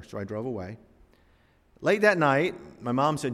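A man's voice: mid-range voice, sing-song, moderate pace, fairly bright tone. A man from Florida preaching a sermon in a church, telling a personal story in a folksy, conversational way and speaking directly to the congregation. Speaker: pastor. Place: church sanctuary. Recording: long reverb of a church hall.

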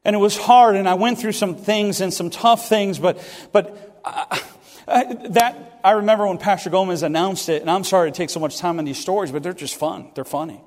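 Middle-aged man, pastor, high voice, animated sermon stories, long reverb. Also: moderate pace. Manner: animated, self-deprecating, acts out other people's lines. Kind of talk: sermon storytelling. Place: church sanctuary. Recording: long reverb of a church hall.

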